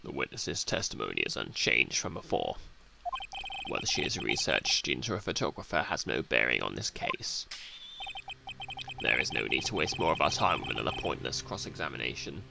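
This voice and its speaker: A deep, scornful old prosecutor. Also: male voice, big pitch swings, brisk, creaky, noisy background, heavily acted. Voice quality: very deep, growling put-on voice. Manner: scornful, clipped and condescending. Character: arrogant older male prosecutor, cold and cutting. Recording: game music behind.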